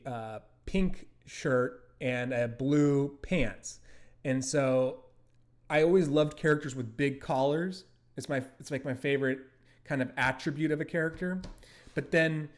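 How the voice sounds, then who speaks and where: Man chatting loosely as an interview guest. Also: medium pitch. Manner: rambling, with many fillers and restarts. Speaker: creator of an animated series, interview guest. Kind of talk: casual interview talk.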